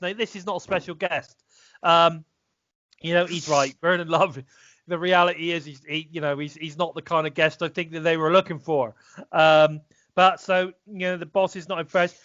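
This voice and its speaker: A British man co-hosts a casual wrestling review podcast in a fairly high, fairly bright voice with fairly even intonation and a moderate pace. He rambles with lots of fillers and restarts, and the recording is dry, dull and slightly lo-fi with no echo.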